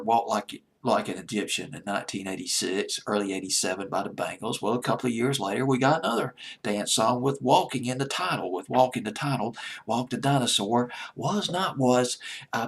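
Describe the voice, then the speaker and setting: A man's voice: lowish voice, husky. A man from Alabama with a Southern accent, hosting a music countdown in a chatty, enthusiastic way, laughing as he talks. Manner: chatty, enthusiastic, laughs often, stumbles and restarts. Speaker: radio-style countdown deejay. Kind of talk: casual countdown commentary.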